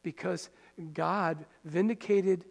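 A man pastor preaching a sermon in a conversational, animated way, with quick asides to the congregation. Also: sits high, gravelly. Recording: long hall reverb.

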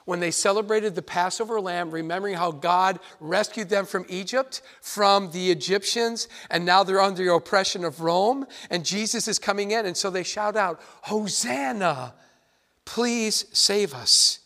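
A pastor delivers a sermon in a fairly high male voice. He speaks earnestly and with emphasis, circling back to repeat key phrases so his listeners catch them. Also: fairly even intonation, normal speed, hardly any pauses, a bit bright.

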